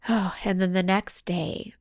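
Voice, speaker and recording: Slow, gravelly woman confiding. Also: lowish voice, fairly even intonation, no room sound, studio quality. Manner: emotional, halting, drops into whispers. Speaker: podcast host. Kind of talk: raw confessional solo podcast talk.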